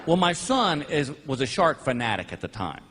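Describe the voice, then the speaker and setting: Onstage in front of a live crowd, this comic's high voice swoops as he works through a stand-up set at a moderate pace. He spins animated stories that erupt into shouted punchlines, and the noisy live recording picks up the audience.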